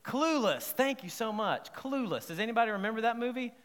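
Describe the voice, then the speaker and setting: A man delivers a sermon with a bright, slightly high voice. He is lively and chatty, often asking his listeners whether they follow him. His voice rings with the long reverb of a large hall. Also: fast, clear, resonant tone. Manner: lively, conversational, checks in with the congregation. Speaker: pastor. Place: church sanctuary.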